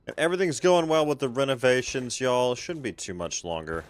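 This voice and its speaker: Brisk and very animated, this mid-range-voiced man streams a game while chatting casually with his viewers, calling them by name. He swears freely, stays laid-back, and often lets sentences trail off.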